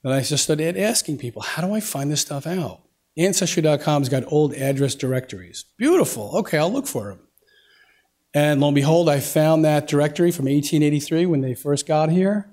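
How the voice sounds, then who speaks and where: A man's voice: on the high side, expressive, a little fast, warm tone. A man giving a folksy talk to an audience, telling a family story with lots of quoted dialogue and casual fillers. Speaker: guest speaker. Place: lecture hall.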